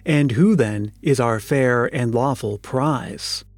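A man's voice: medium pitch, slow, darkish tone, no echo. A man voicing a malicious male goblin who questions in a stern, mocking way, reading a storybook aloud with faint music behind.

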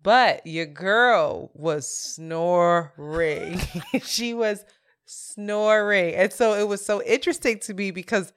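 A woman co-hosting a podcast, telling stories in a lively, animated way and laughing often. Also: medium pitch, takes it slowly, clean tone. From Philadelphia area. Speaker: podcast co-host. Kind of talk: casual chat.

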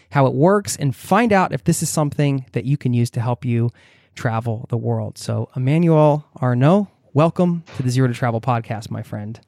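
A man hosting a travel podcast, talking in a relaxed, chatty way and laughing easily. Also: medium pitch, no room sound, studio quality. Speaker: podcast host. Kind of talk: casual podcast interview. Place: home in Norway.

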